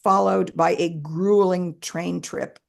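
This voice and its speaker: A woman with a somewhat low, gravelly voice reads her own personal essay aloud. Her delivery is measured and expressive, leaning on key words for emphasis. She sounds like an author sharing her work with listeners.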